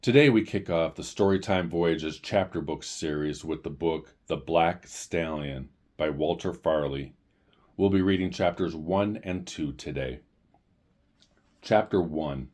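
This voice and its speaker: Very deep-voiced man reading a storybook aloud. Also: darkish tone. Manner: measured, deliberate storytelling. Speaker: storyteller host. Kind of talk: reading a chapter book aloud.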